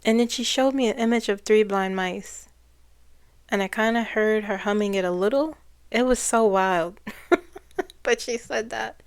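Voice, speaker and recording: A woman psychic reader speaking earnestly to her viewers as she relays channeled messages, often pausing to restart and repeat phrases. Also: mid-range voice.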